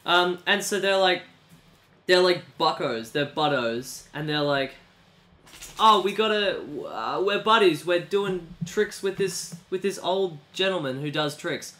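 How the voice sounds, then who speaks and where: A young man with a slightly high, bright and forceful voice chats casually, rambling through a story. He keeps slipping into goofy put-on voices for the characters. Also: measured pace. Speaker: podcast co-host. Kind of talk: casual chat.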